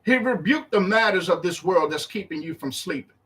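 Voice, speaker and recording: A man teaching through a Bible chapter verse by verse in a casual, animated way, acting out the speakers in the text. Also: brisk. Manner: animated, acts out the disciples' and Yahshua's words in a higher voice; conversational, uses slang while reading verse by verse.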